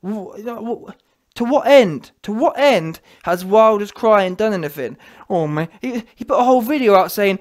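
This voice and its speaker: Guy ranting on his channel, high voice, mocking, keeps going "yeah?". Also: big pitch swings, brisk. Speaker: vlogger. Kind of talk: ranting monologue to camera.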